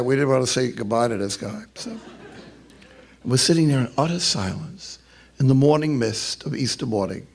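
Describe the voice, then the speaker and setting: An older man speaks as a priest to a gathered audience. His voice is gravelly and sits in an ordinary middle pitch, and he slips into quick character voices while he jokes his way through his anecdotes. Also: background noise. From New York. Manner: storytelling with joking asides and put-on voices. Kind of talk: humorous talk to an audience.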